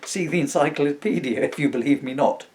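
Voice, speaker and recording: An older man voicing a cheeky, literal-minded male clerk who answers everything with deadpan puns in a comic story. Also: fairly high pitch, brisk, natural voice.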